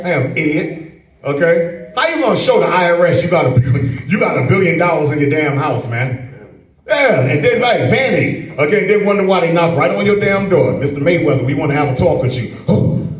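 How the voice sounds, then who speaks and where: A man with a high voice preaches in an echoey room, heard from some distance off the mic. He hammers each point home, tagging lines with "man" and "okay?", and drops mocking asides to his class. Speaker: preacher leading a scripture class. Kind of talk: informal preaching.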